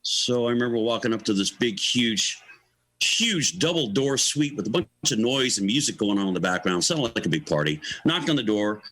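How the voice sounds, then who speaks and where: This is a middle-aged or older man telling a story in an interview. His voice is bright and very animated, leaping up and down as he acts out the people in the tale. He chuckles as he goes, and the sound is dry and close to the mic. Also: fairly low pitch, normal speed, no room sound, rough recording. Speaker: guest musician.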